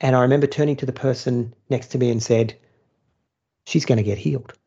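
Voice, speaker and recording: A man tells a story in loose podcast chat, blunt and animated, dropping swear words. His voice is gravelly with a husky edge. The audio sounds a little dull and lo-fi. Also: medium pitch, brisk. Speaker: former churchgoer turned atheist, storyteller.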